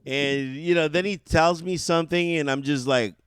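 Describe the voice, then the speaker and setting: High-voiced animated podcast guy. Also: moderate pace, smooth, no room sound. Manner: animated storyteller, swears freely. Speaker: podcast co-host. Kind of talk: casual chat.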